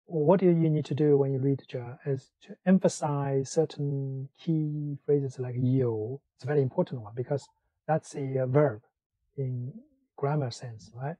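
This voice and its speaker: Man teaching a language lesson, husky mellow voice, dry close sound, fillers and patient explanations. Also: medium pitch, fairly even intonation, measured pace, dry recording, rough recording. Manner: explains in English with Mandarin examples, many fillers. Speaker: Mandarin teacher.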